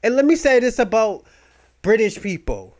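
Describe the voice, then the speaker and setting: A man hosting a podcast, talking in loud, rambling, mocking rants full of profanity. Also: high voice, big pitch swings, normal speed. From United States. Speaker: podcast host. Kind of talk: profane casual commentary.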